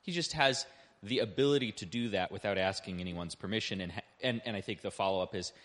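Man, class member, low voice, measured and hesitant. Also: fairly bright tone. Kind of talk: thoughtful comment in class.

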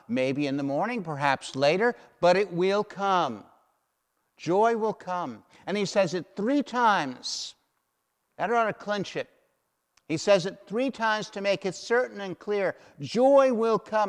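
Slow, emphatic male preacher in echoing hall. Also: high voice. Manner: emphatic, repeats key phrases. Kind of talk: sermon. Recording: long hall reverb.

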